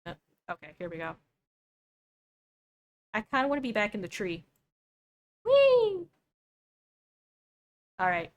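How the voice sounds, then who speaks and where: A woman's voice: fairly low pitch, expressive, moderate pace, long pauses, fairly bright tone. Joking young woman streamer. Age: young adult. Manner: joking, sarcastic asides. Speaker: streamer reacting to a video. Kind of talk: casual reaction commentary.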